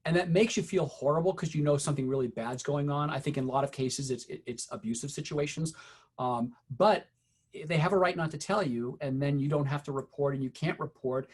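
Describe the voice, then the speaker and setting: A middle-aged man giving a teacher training, telling a story in a conversational, unhurried way with many fillers. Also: fairly high pitch, a little mellow, breathy edge.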